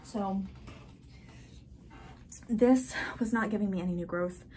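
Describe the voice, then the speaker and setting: A woman giving a casual, chatty tour of her houseplants, gushing and excited, full of filler words. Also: mid-range voice, slow pace, a little hiss or hum. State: a bit out of breath. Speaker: plant vlogger. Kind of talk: casual plant tour vlog. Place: indoors at a grow tent.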